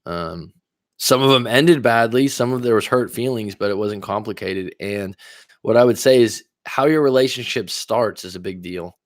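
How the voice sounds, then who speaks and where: In a dry, close-miked recording, a low-voiced man who coaches people on life and hosts livestreams reads his chat aloud. His quick, conversational replies often come as pointed questions. Now and then he trips over words, and he owns up to speaking fast after coffee.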